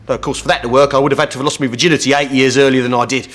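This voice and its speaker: A middle-aged English man playing a blustering pub landlord in a sitcom, given to shouting outbursts. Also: mid-range voice, little pitch movement, rapid-fire. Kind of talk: sitcom acting. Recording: sitcom audio with loud background noise and audience laughter.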